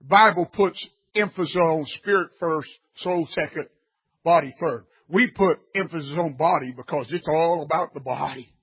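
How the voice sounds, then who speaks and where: A man preaching a sermon in a blunt, scolding way, swinging from quiet teaching to shouts. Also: a little high, normal speed, husky, highs cut off.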